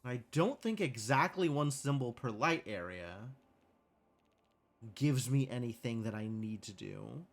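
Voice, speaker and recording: Man, livestream gameplay commentary, lively up-and-down intonation, mid pitch. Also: a little slow, creaky. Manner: thinks aloud, muttering questions to himself; chats with viewers, laughing easily.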